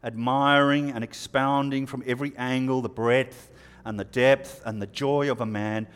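A man's voice: mid-range voice, steady tone, smooth. A man preaching a sermon, explaining scripture verse by verse and asking the listeners rhetorical questions. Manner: expository, rhetorical questions, pauses. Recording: long reverb of a hall.

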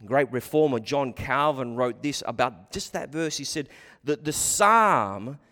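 A man's voice: medium pitch, expressive, a little slow, pushed and bright. A man preaching an expository sermon with an emphatic delivery that rises and falls and repeats words as he works through scripture. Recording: long reverb of a hall.

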